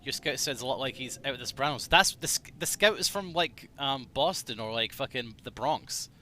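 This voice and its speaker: A young man streaming a game, chatting casually with his audience in a joking, animated way and swearing freely. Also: mid-range voice, brisk, a little hiss or hum. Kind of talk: casual live-stream chat reading.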